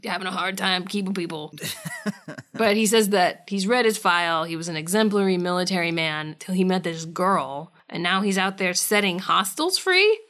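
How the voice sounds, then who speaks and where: A woman co-hosting a podcast, recapping episodes in a wry, animated, casual way with some swearing. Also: lowish voice, normal speed. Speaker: podcast co-host.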